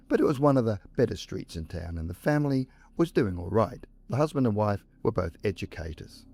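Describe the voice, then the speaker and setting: A low-voiced man reads spooky first-person stories in a measured way. He lets short pauses hang before the eerie moments of each tale. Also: a little mellow. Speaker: narrator. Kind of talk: scripted ghost story narration.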